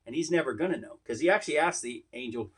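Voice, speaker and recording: This man hosts a casual Bible lesson, teaching in a rambling, conversational style packed with asides. His mid-range voice is husky and expressive, and he talks fast.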